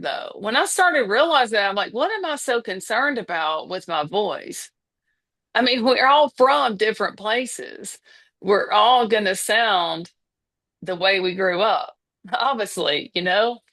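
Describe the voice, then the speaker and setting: A woman's voice: medium pitch, bright, forceful tone. A woman in her fifties with a Southern American accent, talking as a podcast guest in a hesitant way, full of restarts and fillers. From Southern United States. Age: 50s. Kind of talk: casual conversation.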